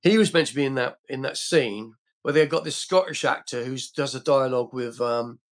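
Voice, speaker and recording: A man's voice: medium pitch, a little fast. An older man from England, a podcast guest telling rambling anecdotes in a casual way, full of restarts and fillers.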